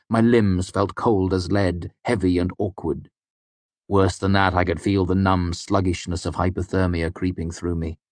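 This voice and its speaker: Deep low guy reading a dark fantasy audiobook, dry close sound, steady and grave. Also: no echo. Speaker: audiobook narrator. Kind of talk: first-person fantasy narration.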